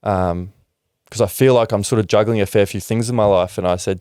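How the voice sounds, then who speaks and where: A young man with an Australian accent talks as a podcast guest in a frank, reflective way, swearing casually and using lots of fillers. His voice sits fairly low, and the room sound is dry and close. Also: fairly quick, darkish tone, clear, resonant tone, no room sound. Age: young adult. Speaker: podcast guest, former rugby league player. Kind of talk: candid interview talk.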